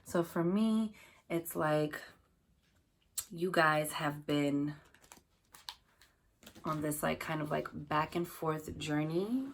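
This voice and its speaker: A woman's voice: sits low, slow pace, pauses often, a little hiss or hum. A woman giving a casual tarot reading to her viewers, chatty and loose, full of "like" and "you know", speaking to her audience fondly. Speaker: tarot card reader.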